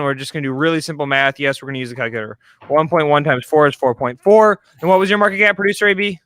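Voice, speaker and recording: A man co-hosting a live stock market show, talking fast and excitedly with lots of stammered restarts. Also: mid-range voice, no room sound.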